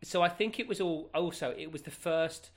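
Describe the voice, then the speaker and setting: A man's voice: a little high, normal speed. A man in his fifties, a guest telling a long personal story in a casual, rambling way, correcting himself as he goes. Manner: animated, rambling, many self-corrections.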